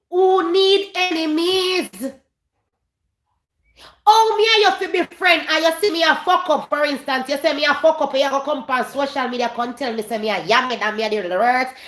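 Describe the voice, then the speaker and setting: High, bright Jamaican woman ranting. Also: reverberant. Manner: emphatic, repeats phrases, slips into Patois. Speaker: vlogger host. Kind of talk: gossip commentary rant.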